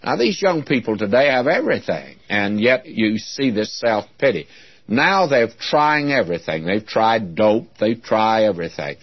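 A man's voice: on the low side, lively intonation, normal speed, no echo. A man preaching an expository sermon as a Bible teacher, in an earnest, folksy way, often calling his listeners "friends". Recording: dull lo-fi recording.

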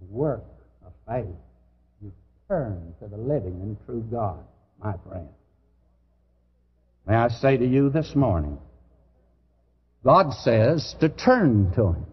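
A man preaching a sermon, earnest and conversational, with sudden loud emphasis. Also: fairly low pitch, sing-song, takes it slowly, pauses often, a little hiss or hum. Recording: dull lo-fi recording with long hall reverb.

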